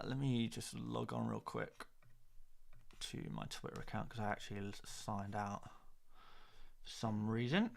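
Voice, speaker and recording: A man's voice: fairly low pitch, vocal fry, fairly bright tone. A man hosting a live stream in casual, jokey chat, muttering asides as he goes. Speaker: streamer host.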